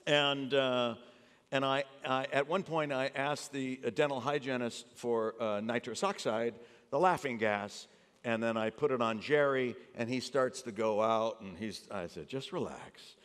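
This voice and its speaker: A man's voice: medium pitch, a little slow, clear, resonant tone. A man telling anecdotes about his acting work on stage before a live audience, acting out the people he quotes. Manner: animated anecdote teller, acts out quotes. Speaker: actor discussing his memoir. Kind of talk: storytelling on stage. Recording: long theater reverb.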